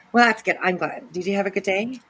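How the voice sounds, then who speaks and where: Woman, livestream host, breathy soft tone, casual chat, greets viewers by name, giggly. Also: medium pitch, rough recording. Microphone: no camera, voice only.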